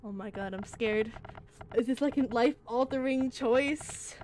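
A woman with a slightly high voice gives excitable let's play commentary, reacting to everything as it happens, swearing and laughing along the way. A faint ambient noise sits under her voice. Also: measured pace. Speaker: gaming channel host.

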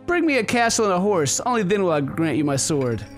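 Haughty self-styled king, played by a man; pompous, commanding, pitched up, very animated. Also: fairly quick, soft background music.

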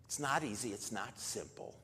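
A man preaching at a memorial service, retelling a story in a conversational way and jumping much louder for quoted lines. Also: medium pitch, normal speed, a little hiss or hum. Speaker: pastor. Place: church. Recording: long church reverb.

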